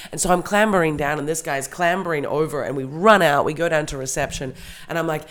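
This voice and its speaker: A woman's voice: low-pitched, animated, a little fast, a bit bright. Rambling woman telling a story. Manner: rambling, filler-heavy, many restarts. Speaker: podcast co-host. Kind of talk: casual storytelling chat.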